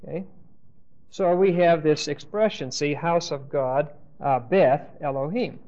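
A man's voice: on the high side, a little slow, a little mellow. A man teaching a Bible class, thinking aloud with restarts and often checking in with "Okay?". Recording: dull lo-fi recording.

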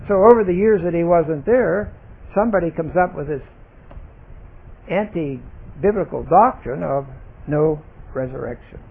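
A man leading a Bible study lesson, explaining grammar deliberately and stressing single words. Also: a little high, creaky, slightly rough. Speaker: Bible teacher. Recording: tinny phone-like recording.

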